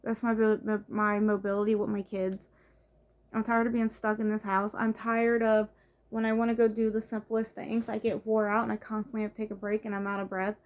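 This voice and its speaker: A woman's voice: medium pitch, little pitch movement, brisk. A young woman from the United States venting in a casual vlog, frustrated, with many fillers and restarts. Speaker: vlogger. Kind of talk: casual vlog rant to camera.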